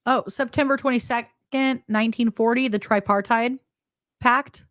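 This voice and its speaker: A woman's voice: fairly high pitch, fairly even intonation, moderate pace, a bit bright, no room sound, studio quality. A woman co-hosting a podcast, reading a wartime timeline aloud in casual chat and laughing at herself between dates. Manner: reads dates aloud, laughs often, self-teasing. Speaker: podcast co-host.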